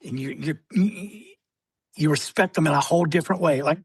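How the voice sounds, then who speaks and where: A man, a military veteran, telling stories as a podcast guest with many fillers, often clearing his throat. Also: a little high, brisk, no echo. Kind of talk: casual storytelling interview.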